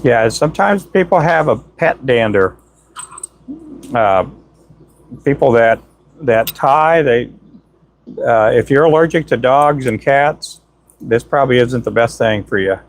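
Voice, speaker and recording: A man hosting a casual livestream, chatting with viewers and demonstrating how to tie knots, saying "boom" as he works. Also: expressive, measured pace, long pauses, slight background noise. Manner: talks while working with hands, says "boom" often. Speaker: livestream host teaching jig tying. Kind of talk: casual live-stream chat and tying demonstration.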